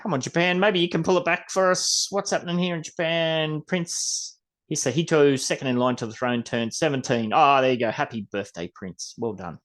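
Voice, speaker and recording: A man's voice: fairly high pitch, moderate pace, a bit bright. Chatty Australian man hosting a podcast. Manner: rambling, chatty, mild swearing. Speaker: podcast host. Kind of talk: casual podcast chat.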